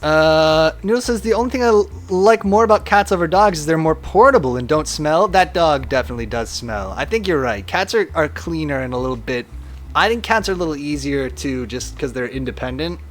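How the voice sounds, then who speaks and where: Male game streamer, casual and animated, high bright pitch with big swings, reads chat aloud. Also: fairly quick, a little hiss or hum.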